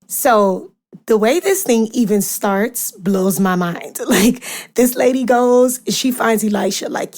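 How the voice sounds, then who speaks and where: A woman hosting a podcast, giving a casual devotional Bible message in a chatty, animated way with slang and quick asides. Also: a little high.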